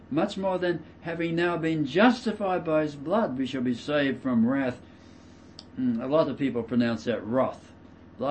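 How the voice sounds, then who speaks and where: A man preaching a verse-by-verse sermon. He stresses key words loudly, drops into quiet asides, and explains with everyday examples. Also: medium pitch, a little hiss or hum. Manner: emphatic, swings between loud stresses and quiet asides. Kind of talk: expository sermon.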